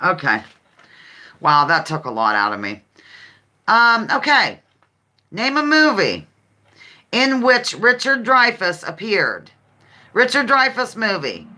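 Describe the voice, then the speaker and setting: Lively, bright-voiced woman hosting a live stream. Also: mid-range voice, slow pace, long pauses. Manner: chatty, giggly, reads viewer comments aloud. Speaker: livestream host. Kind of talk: casual live-stream game chat.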